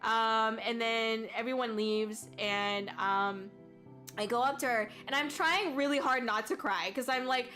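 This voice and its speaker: Bright rambling young woman streamer. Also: a little high, a little slow. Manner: rambling storytelling with frequent fillers and self-restarts; laughs often and gets loud when excited. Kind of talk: casual chat. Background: faint background music.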